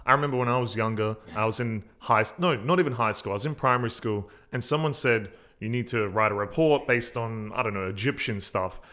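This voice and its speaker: A man with a mid-pitched voice co-hosts a podcast. He tells stories in a loose, rambling way and often restarts his sentences. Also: a little fast, hardly any pauses, pushed and bright. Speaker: podcast co-host, software company founder. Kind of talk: casual chat.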